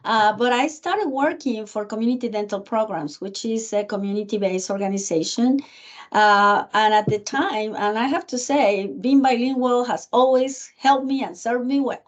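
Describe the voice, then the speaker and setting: A woman's voice: a little high, moderate pace. Middle-aged woman with a Spanish accent. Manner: earnest, animated, acts out remembered dialogue. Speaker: guest speaker, county commissioner. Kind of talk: interview storytelling. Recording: muffled lo-fi recording.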